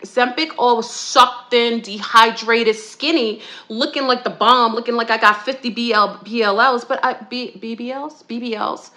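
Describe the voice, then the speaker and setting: A woman hosting a talk show, ranting heatedly and rambling, with restarts and high-pitched outbursts. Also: pushed and bright. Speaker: podcast co-host. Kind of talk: ranting monologue.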